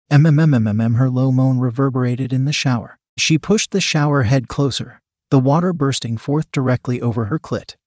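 Male narrator, steady even reading, mid-pitched voice, dry close sound. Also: husky, dry recording. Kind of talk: scripted story narration.

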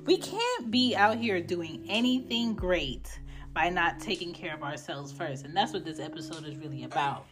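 A woman in her thirties hosts a podcast and talks in a low voice. She gives advice in a casual way that is blunt, profane and preachy. Faint music plays behind her. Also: animated, moderate pace. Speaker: podcast host. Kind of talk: casual monologue with life advice.

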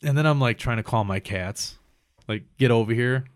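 A man's voice: mid-range voice, normal speed, dry recording, clean studio sound. A man in his thirties chatting casually, rambling and swearing a lot as he mocks himself. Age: 30s. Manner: rambling, profane, self-mocking. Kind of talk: casual chat.

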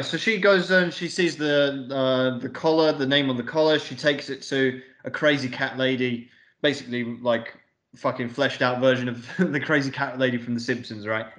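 A man rambles through a casual film review, swearing freely and padding every thought with fillers. His voice sits at an ordinary middle pitch. The room around him is echoey. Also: fairly bright tone. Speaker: podcast co-host.

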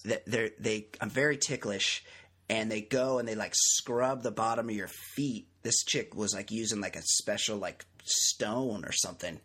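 A man's voice: fairly low pitch, normal speed, sharp tone, breathy edge. Joking podcast host man. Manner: jokey, rambling, self-mocking. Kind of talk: casual podcast banter.

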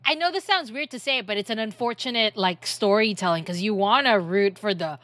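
A woman's voice: medium pitch, fairly quick, fairly bright tone, no echo. Chatty woman giving her movie opinion. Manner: chatty, frequent fillers and laughs, gives opinions. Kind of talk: casual movie review chat.

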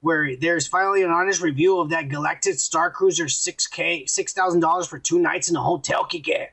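A man's voice: fairly high pitch, fairly even intonation, brisk, fairly bright tone, breathy edge. A man co-hosting a casual drinking podcast, profane and rowdy, reading out viewer comments.

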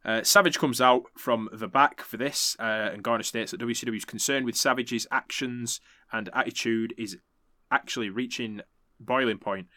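Male podcast host, bright tense voice, chatty, profane recapper. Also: mid-range voice, fairly even intonation, dry recording, clean studio sound. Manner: chatty, swears freely, quick to laugh. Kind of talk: casual recap commentary.

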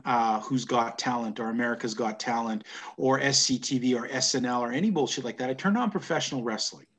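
A Canadian man hosts a wrestling podcast in a loose, chatty way. He jokes, laughs easily and grumbles about what he dislikes, at an ordinary middle pitch. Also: fairly bright tone. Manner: jokey, grumbling, laughs often. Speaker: podcast host. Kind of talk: casual chat.

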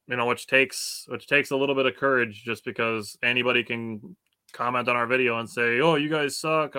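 Smooth-voiced, rambling male podcast co-host. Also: mid-range voice, bright, forceful tone, no room sound, studio quality. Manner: rambling, full of "you know" hedges. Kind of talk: casual sports chat.

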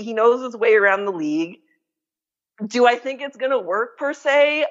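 A woman's voice: fairly low pitch, fairly bright tone. A woman from Canada talking sports on a podcast in a casual, opinionated and emphatic way, often using "like" as a filler. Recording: dull lo-fi audio.

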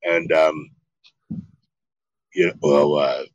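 A middle-aged man, an actor being interviewed, telling stories in a casual, animated and profane way, acting out quotes. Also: very deep voice, slow, dry recording, muffled recording. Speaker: actor guest.

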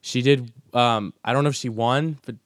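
A man's voice: medium pitch, fairly even intonation, normal speed, no echo, clean studio sound. A man co-hosting a podcast, chatting enthusiastically about a movie. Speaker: podcast co-host. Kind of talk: casual film discussion.

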